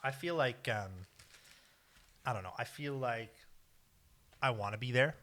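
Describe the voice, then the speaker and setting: A man's voice: mid-range voice, measured pace, pushed and bright. A man co-hosting a casual podcast, talking in a rambling, hesitant way with lots of ums. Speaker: podcast co-host. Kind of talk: casual chat.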